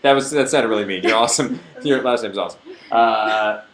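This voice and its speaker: A young man with a low voice chats casually, answering fan questions. He rambles and halts, cracking jokes as he goes. The room around him sounds echoey. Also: a bit bright. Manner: rambling, halting, joking. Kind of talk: casual livestream chat.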